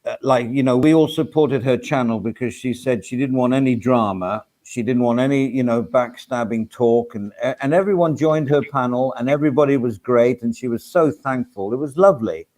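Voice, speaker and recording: A man's voice: medium pitch, normal speed, hardly any pauses, a little mellow. A man on a live stream panel, talking earnestly and repeating himself as he makes his points. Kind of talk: casual panel chat.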